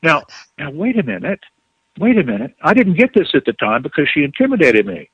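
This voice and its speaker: Male author guest, animated storyteller, dry slightly dull radio recording. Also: a little high, fairly quick, slightly rough, dry recording. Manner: animated, acts out quotes. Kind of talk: storytelling in an interview.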